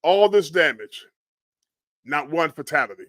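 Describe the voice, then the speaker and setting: A man from Florida hosting a livestream and commenting on storm damage photos, murmuring hushed, prayerful exclamations between his remarks. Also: on the high side, sing-song, moderate pace, pauses often, dry recording. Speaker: livestream host.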